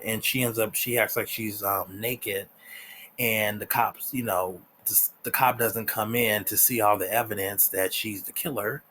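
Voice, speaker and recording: Low-voiced man rambling through a show recap. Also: pushed and bright, slight background noise. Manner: rambling, many fillers. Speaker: TV show reviewer. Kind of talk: casual episode recap.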